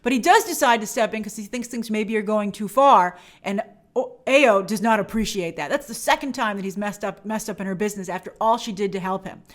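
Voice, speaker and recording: A woman's voice: medium pitch, a little fast. A woman hosting a review show, giving a chatty and enthusiastic breakdown of a TV episode and sometimes acting out the characters' lines. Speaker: film and TV review show host. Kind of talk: casual episode breakdown commentary.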